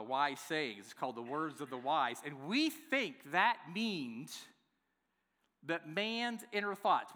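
A man preaching a sermon as pastor, playful and lively, acting out the excuses people give. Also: fairly high pitch, long reverb tail. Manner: lively, playful, acts out congregants' replies. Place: church worship center.

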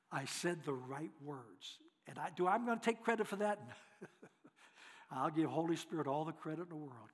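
Guy preaching a sermon w folksy stories, kinda high voice, echoey church hall. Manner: folksy, animated, acts out voices in his stories. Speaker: guest preacher. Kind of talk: storytelling sermon.

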